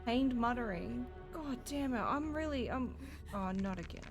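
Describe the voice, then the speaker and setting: A young woman streaming a game and reacting out loud, jumpy and profane, shrieking and laughing at scares. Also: fairly high pitch, lively intonation, normal speed, over music. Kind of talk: live let's-play commentary.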